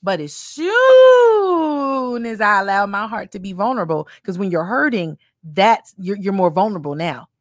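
A woman co-hosting a casual faith discussion, animated and acting out little voices, with many fillers. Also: medium pitch, unhurried, no room sound, clean studio sound.

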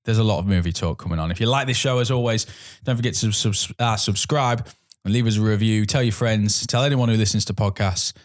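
A man with a lowish voice steers a casual film podcast. He talks steadily, setting up topics and recapping plots for his co-host. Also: fairly quick. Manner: steady, guides the episode, reads out plot. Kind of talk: casual chat.

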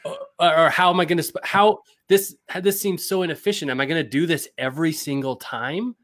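A man's voice: a little high, fairly even intonation, fairly quick, fairly bright tone, no room sound. A man who works as a coach, talking casually on a podcast and laughing lightly as he makes his points. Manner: conversational, laughs lightly while making a point. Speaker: leadership coach. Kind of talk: podcast conversation.

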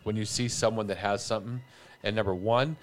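A man's voice: on the low side, steady tone, a little fast, faint music behind. A man hosting a morning show, chatting casually and telling bemused, rambling stories. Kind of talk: casual chat.

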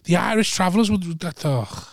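Teasing Scouse man, slightly high voice. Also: expressive, brisk, vocal fry. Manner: teasing, stammers into his jokes. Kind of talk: crude banter.

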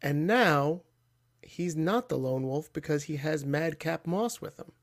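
A man co-hosting a casual chat show over a video call, excitable and quick to laugh, swearing freely. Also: a little high. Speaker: podcast co-host.

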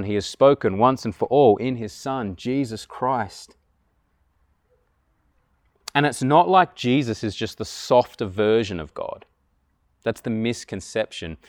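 A man preaching a sermon in an earnest way, rising to loud, emphatic peaks. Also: on the low side, no room sound, clean studio sound.

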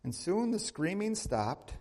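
A male pastor with a fairly high voice preaches a sermon, carrying his story with sudden rises and drops in pitch and volume. He poses questions to his congregation, and his voice trails into a long reverb in the sanctuary. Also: very animated, measured pace. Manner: storytelling with big swings in pitch and loudness, asking the congregation questions. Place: church sanctuary.

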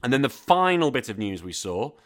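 A British man hosts a casual podcast, talking into his microphone in an animated, ranting way. He swears freely and keeps a middling pitch. He sounds at home behind the mic. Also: fairly quick. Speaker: podcast host.

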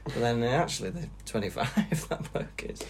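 A man's voice: mid-range voice, animated, moderate pace, husky. A young Welsh-born man with a Manchester accent, co-hosting a casual podcast chat and telling stories with frequent laughs. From Wales. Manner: chatty, laughs often, storytelling. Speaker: podcast co-host.

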